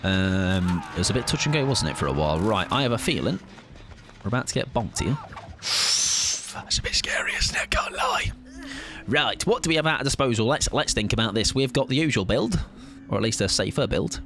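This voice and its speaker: A streamer chats casually with viewers while playing a game live, greeting chat and letting out high-pitched yelps during play. He's animated and talks fast with a fairly bright tone, and soft music plays in the background.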